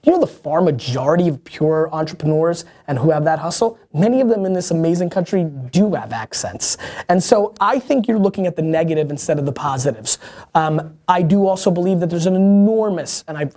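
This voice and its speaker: A man's voice: fairly high pitch, expressive, a little fast, mellow. A man in his thirties hosting an advice show, answering viewer questions in a brash, blunt and emphatic way.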